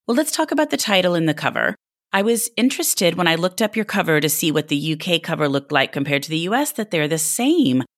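A woman's voice: lowish voice, sing-song, fast. A woman hosting an interview, asking curious, friendly questions. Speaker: interview host. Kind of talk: casual interview chat.

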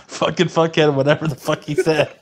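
Man with a fairly high voice, sweary side comments, faint background noise. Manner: laughing, sweary asides. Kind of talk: casual podcast chat.

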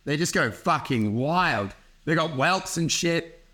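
A man's voice: on the high side, animated, takes it slowly, bright, forceful tone. A man, a comedian rambling through a casual podcast chat, laughing often and swearing freely.

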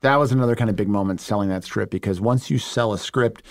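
Gravelly, dry-voiced man telling stories. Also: lowish voice, dry recording. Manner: animated, quick asides, frequent laughs, restarts. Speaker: actor and screenwriter guest. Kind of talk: casual interview storytelling.

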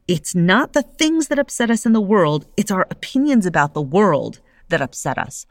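A middle-aged woman hosting a solo podcast, talking in an animated, conversational way and often checking in with "right?". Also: lowish voice, normal speed, hardly any pauses, no echo, studio quality. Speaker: podcast host. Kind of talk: solo podcast monologue on philosophy.

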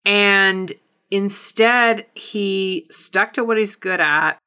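A woman co-hosting a podcast in casual chat, animated and laughing easily. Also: medium pitch, very slow, clear, resonant tone. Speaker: podcast co-host. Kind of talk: casual chat and reading her own fanfic.

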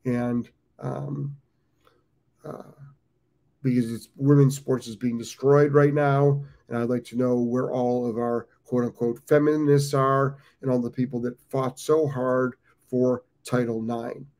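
A fifty-something American man hosts a live stream, talking off the cuff. His voice is gravelly and dark, and he loops back over his phrases with plenty of ums. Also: mid-range voice, little pitch movement, a little slow. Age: 50s. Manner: rambling, repeats phrases, frequent ums. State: has the hiccups. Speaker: dog training show host. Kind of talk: casual live-stream talk.

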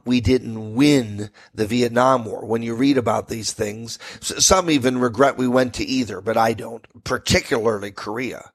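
Folksy American talk radio host. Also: male voice, mid-range voice. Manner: folksy and rambling, with asides to listeners. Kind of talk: talk radio history segment. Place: radio studio.

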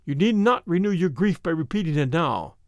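Guy reading as a secretive runaway hunter, bossy and short, high lively voice, dry sound. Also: a little fast, no room sound. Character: secretive male hunter, fugitive serf.

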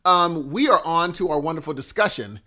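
A man's voice: a little high, animated, fairly quick, bright, forceful tone. A man co-hosting a podcast, talking casually, correcting himself and thanking listeners with a self-mocking tone. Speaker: podcast co-host.

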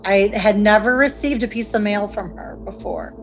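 Faint music plays behind a middle-aged mother being interviewed about her child's story. Emotional and chatty, she acts out what others said as she recalls past events, at a medium pitch and normal speed.

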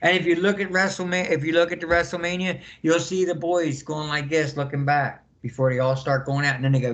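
A man with a high-pitched voice tells stories in an interview. He acts out the voices of the people in them, breaks into shouts and laughs. He is lively and doesn't hold back. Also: fast, hardly any pauses. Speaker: interview guest. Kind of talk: animated storytelling in conversation.

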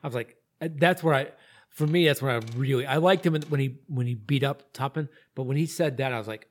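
Husky woman swearing in casual chat. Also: rumbling low, quick pace. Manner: profane, enthusiastic, repeats herself. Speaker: podcast co-host.

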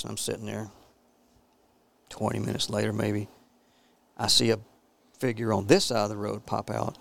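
A man's voice: fairly low pitch, vocal fry. A man who used to be a police officer, telling a profane story. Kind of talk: casual storytelling.

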